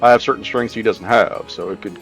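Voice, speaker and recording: A man playing in a tabletop game, chatting casually and getting excitable. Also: lowish voice, brisk, soft background music. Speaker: player.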